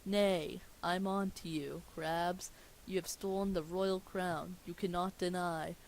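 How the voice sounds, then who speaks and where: A man voicing a pompous, hot-headed sea king with a booming, commanding delivery. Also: steady tone, slow pace, gravelly, slight background noise, exaggerated voice. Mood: imperious. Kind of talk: comedic script reading.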